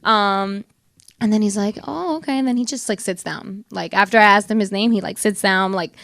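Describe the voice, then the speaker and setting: Animated young woman telling a story. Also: medium pitch, moderate pace, dry recording, clean studio sound. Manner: animated, acts out quotes, laughs often. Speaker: podcast co-host. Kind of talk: casual storytelling chat.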